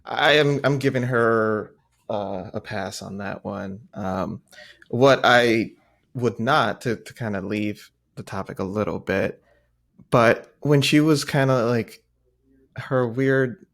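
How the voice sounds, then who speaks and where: A man co-hosting a podcast in casual chat, animated and laughing, slipping into mocking impressions. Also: mid-range voice, slow, gravelly. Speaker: podcast co-host.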